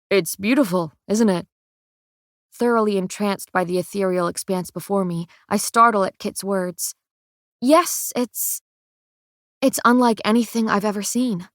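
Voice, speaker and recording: A woman narrating a first-person fantasy audiobook in a measured, expressive way, recorded on a close studio mic. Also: medium pitch, dry recording.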